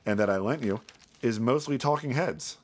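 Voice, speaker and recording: A man's voice: mid-range voice, normal speed. A man co-hosting a podcast, chatting casually about old television with enthusiasm. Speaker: podcast co-host. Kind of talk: casual conversational chat.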